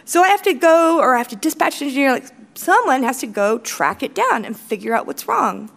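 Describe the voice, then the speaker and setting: On the stage of a large conference hall, a woman who is a company CEO gives a live talk in a high, lively, slightly gravelly voice. She talks a little fast and bluntly, swearing freely and dropping into self-mocking asides. Her pitch swings widely as she drives home each point.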